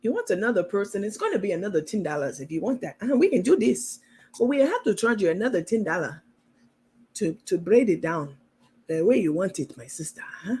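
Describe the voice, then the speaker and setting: A woman's voice: mid-range voice, big pitch swings, a little fast, mellow, breathy edge. Pushy African braider haggling hard, as a woman puts her on, clipped talk. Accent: put-on African.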